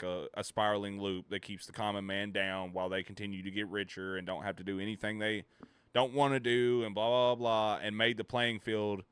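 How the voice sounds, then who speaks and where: A man's voice: lowish voice, smooth, no room sound. A man streaming live, rambling and ranting profanely while reacting to chat. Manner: rambling, profane, reads chat and riffs loudly.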